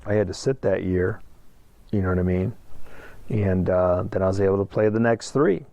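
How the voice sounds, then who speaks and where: A man's voice: low voice, moderate pace, dark tone, no room sound. A middle-aged man from Ohio, a basketball coach, telling his story in a casual interview with many fillers and restarts. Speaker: high school basketball coach, guest.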